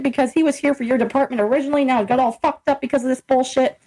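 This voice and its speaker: A young woman co-hosting a casual podcast, spinning stories with plenty of swearing and animated energy. Her voice sits a little high. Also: racing, few pauses, slight background noise, rough recording. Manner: profane, animated storytelling. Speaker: podcast co-host. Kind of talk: casual chat.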